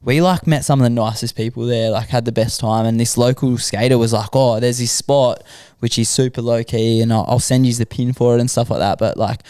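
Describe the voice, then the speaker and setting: A young Australian man, a podcast guest, telling a story in relaxed casual chat and lively when he quotes others. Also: mid-range voice, brisk, hardly any pauses, smooth, dry recording, studio quality. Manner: laid-back, animated when quoting people.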